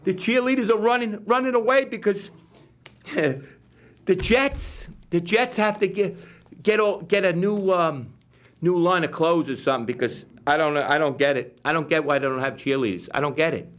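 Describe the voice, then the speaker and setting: A man with a New York accent hosting a live local-TV football picks show, rambling and jokey with sudden bursts of excitement. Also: high voice, moderate pace. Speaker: TV host. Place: community TV studio.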